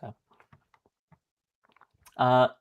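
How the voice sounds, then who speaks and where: A man's voice: very slow, narrow, tinny audio. A man from New Jersey with a New York area accent, hosting a casual livestream chat and reading out viewer orders. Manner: joking, reads out viewer purchases. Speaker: livestream host.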